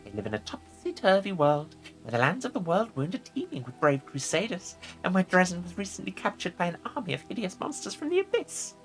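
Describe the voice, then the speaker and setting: A man's voice: sits high, big pitch swings, brisk, hardly any pauses, faint music behind, pitched above the performer's own voice. A man voicing an airy, otherworldly female demon who sounds insect-like and mocking.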